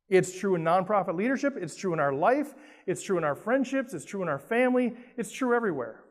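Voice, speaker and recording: A middle-aged man from Minnesota with a Minnesotan accent, giving a lively, playful motivational talk to a conference audience and asking them questions. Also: high-pitched, brisk, few pauses. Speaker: keynote speaker. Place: large conference hall with an audience. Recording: roomy hall reverb.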